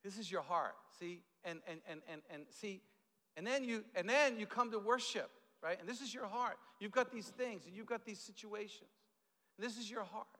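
A man preaching a conversational sermon, halting often, repeating words and adding asides. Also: sits high, sharp tone. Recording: echoey hall.

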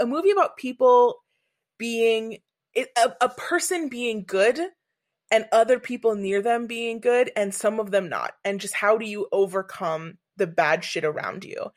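Woman gushing about movies, rambly, swears a lot, casual chat. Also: a little high.

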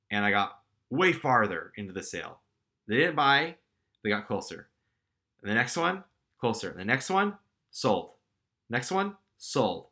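Bright-voiced man telling his story candidly. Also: mid-range voice. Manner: candid, self-deprecating, animated. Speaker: storyteller recounting his career. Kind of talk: casual storytelling.

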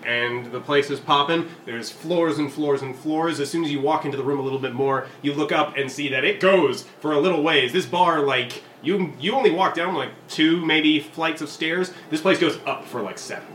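A man's voice: on the high side, normal speed, hardly any pauses, fairly bright tone, reverberant, a little hiss or hum. A man narrating a tabletop game as game master, loose and rambling in his descriptions.

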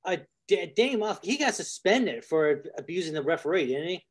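A man's voice: high voice, sing-song, normal speed. A man hosting a podcast in easygoing, chatty conversation. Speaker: podcast host. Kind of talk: casual podcast chat.

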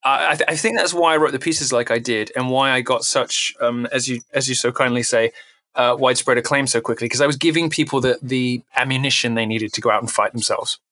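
A man talking as a guest on a podcast, lively and emphatic, stumbling over his own restarts as he pushes his points. His voice sits at a middling pitch. The sound is dry and close, with no room echo. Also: fairly quick. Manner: animated, emphatic, frequent restarts. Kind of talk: podcast interview talk.

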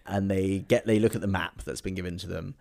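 A man tells a ridiculous improvised tale and trades jokes with a friend. His voice is low and gravelly, with a rough edge of fry. He laughs easily and builds on the other man's jokes. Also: steady tone, fairly quick, a little mellow. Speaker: comedy podcast co-host. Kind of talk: improvised comic storytelling.

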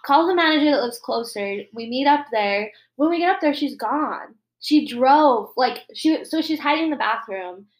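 A young woman in her twenties with a slightly high voice tells workplace stories in a loose, chatty podcast. She swears freely and jumps into the voices of the people she quotes, keeping the story moving. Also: expressive, normal speed, few pauses, poor audio. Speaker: podcast co-host. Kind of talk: casual chat storytelling.

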